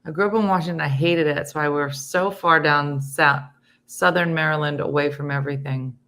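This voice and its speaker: A woman's voice: sits low, a little fast. A middle-aged woman hosting a casual morning chat show, talking loosely and reading viewer comments aloud. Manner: chatty, animated, reads comments aloud. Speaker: host.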